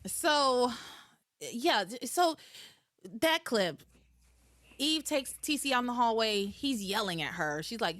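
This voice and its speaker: Animated woman recapping a soap. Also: on the high side, takes it slowly, long pauses, no room sound. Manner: animated, acts out quotes, frequent fillers. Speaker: podcast host. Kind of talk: casual recap chat.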